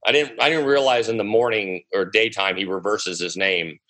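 American man, guest DJ, New sound, bright voice, animated storyteller who swears freely, casual interview telling. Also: on the low side, moderate pace, low-quality recording. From United States. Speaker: guest DJ and producer.

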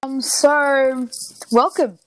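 A woman's voice: high-pitched, fairly even intonation, very slow. A woman hosting a casual podcast with a cough, often apologising for interruptions. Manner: apologetic, keeps excusing interruptions. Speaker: podcast host. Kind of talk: casual chat.

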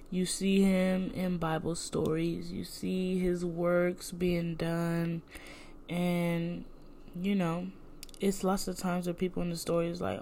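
A young woman with a low-set voice speaks candidly on her podcast about worry and faith. She talks loosely and personally, with many "likes," and often turns to address herself. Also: steady tone, slow pace, a little mellow, a little hiss or hum. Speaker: podcast host.

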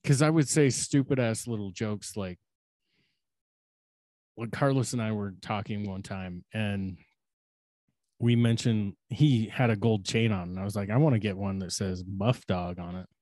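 A young man with a low voice co-hosting a podcast in a casual, rambling way. He swears freely, pokes fun at himself and laughs a lot. The sound is dry and close, with no room around it. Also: measured pace, mellow, no room sound. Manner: rambling, crude, self-mocking, laughs often. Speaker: podcast co-host.

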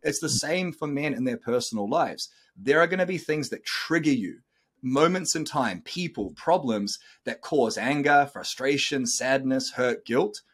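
A man's voice: medium pitch, expressive, measured pace, husky. A middle-aged man hosting a podcast, talking bluntly and coaching listeners, swearing freely. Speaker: podcast host. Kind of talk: casual podcast talk.

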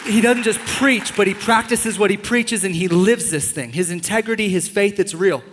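A young man preaching a sermon as a pastor, enthusiastic and joking with sudden loud bursts. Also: high voice, normal speed, crowd noise, noisy background. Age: young adult. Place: large church hall. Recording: long church-hall reverb.

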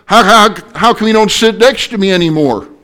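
A woman's voice: mid-range voice, fairly quick, fairly bright tone, voice pushed up, close to an everyday voice. A male preacher voicing an older wife who plaintively asks her husband why he no longer sits close to her. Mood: wistful pleading. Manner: plaintive, repeating herself.

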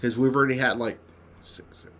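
A man in his middle pitch range, co-hosting a podcast with a laid-back, casual manner. He reads out listener comments plainly and swears freely. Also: steady tone, normal speed, a bit bright. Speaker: podcast co-host. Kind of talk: casual chat.

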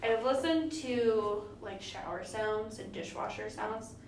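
A woman's voice: on the high side, slow pace, vocal fry, a little hiss or hum. A playful, giggly woman, co-hosting a chat podcast and slipping into silly voices. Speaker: podcast co-host. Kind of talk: casual chat. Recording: roomy, distant mic, faint ambience.

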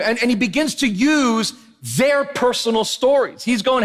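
Animated preacher in a reverberant church. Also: male voice, very high voice, normal speed. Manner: animated, jokey, asks the crowd "right?". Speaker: pastor. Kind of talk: sermon with comic storytelling. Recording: long hall reverb of a church.

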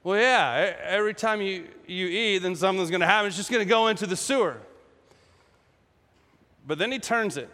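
A man preaching a sermon in a casual, humorous and animated way. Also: high-pitched, a little fast, pauses often. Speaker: pastor. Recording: echoey hall.

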